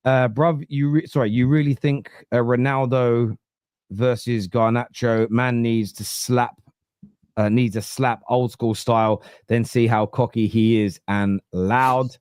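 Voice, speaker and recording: A man in his thirties from East London, with a London accent, telling animated stories and swearing freely on a casual football podcast. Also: medium pitch, unhurried, smooth, no echo, clean studio sound. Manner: animated storyteller, swears freely, acts out quotes. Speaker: podcast host.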